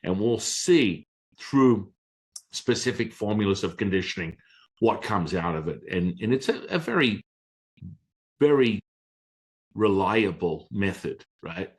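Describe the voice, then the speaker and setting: A man, a Taoist teacher, telling stories from his past in a casual, animated conversation, acting out voices and swearing casually. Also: on the low side, a little slow, long pauses.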